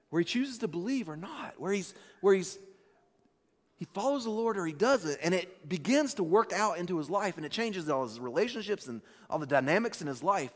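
Man preaching in a reverberant church. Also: high-pitched. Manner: casual, conversational preaching with restarts and "like". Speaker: pastor. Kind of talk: sermon. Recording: long reverb in a church hall.

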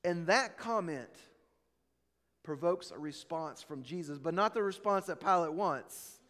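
A man preaching a sermon, telling stories and acting out quotes, then dropping low and quiet to drive a point home. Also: animated, measured pace, in a large hall. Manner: storytelling preacher, acts out quotes, drops low for emphasis. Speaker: pastor.

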